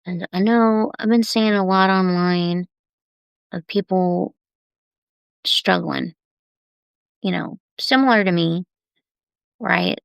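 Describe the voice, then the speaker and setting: A woman talking openly and tenderly on a live video about heavy times, unhurried and confiding. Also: lowish voice, vocal fry, smooth, no room sound, highs cut off. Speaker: artist sharing on a live video. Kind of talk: candid personal live stream.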